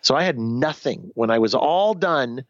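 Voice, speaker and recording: A man in his fifties telling his own story in a candid interview, animated, acting out the voices of the people he quotes, often restarting sentences. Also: mid-range voice, moderate pace, no room sound, muffled recording. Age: 50s.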